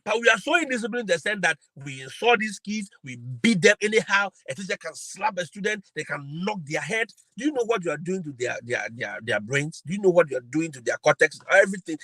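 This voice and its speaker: A man giving advice on a live stream. He sounds preachy and insistent and keeps repeating his points. His voice is bright and forceful, a little higher than most men's, and recorded dry and close. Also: lively intonation, a little fast, few pauses, no room sound, low-quality recording. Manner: preachy, emphatic, repeats phrases. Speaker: host giving advice to teachers.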